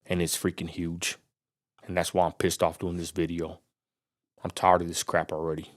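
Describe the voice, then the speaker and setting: A man's voice: sits low, monotone, moderate pace. A man from Texas delivering an angry, fired-up vlog rant, preacher-like and full of Southern turns of phrase. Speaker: vlogger. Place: outdoors near a roadside lot.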